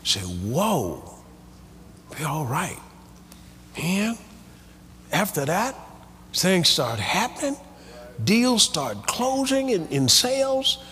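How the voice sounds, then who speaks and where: A man's voice: fairly high pitch, takes it slowly, long pauses, in a large hall. A man preaching a sermon, leading the congregation in call-and-response. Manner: lively, call-and-response preaching with quoted voices.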